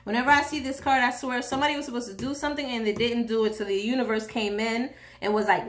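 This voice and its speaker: A woman's voice: fairly high pitch, steady tone, quick pace, a bit bright. A woman from Haiti giving a casual tarot reading, slangy and chatty with jokey asides. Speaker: tarot reader.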